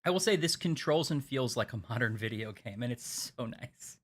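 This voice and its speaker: A man chatting over a game stream, rambling and restarting his sentences. His pitch swings widely up and down as he talks. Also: lively intonation, moderate pace. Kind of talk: casual gameplay banter.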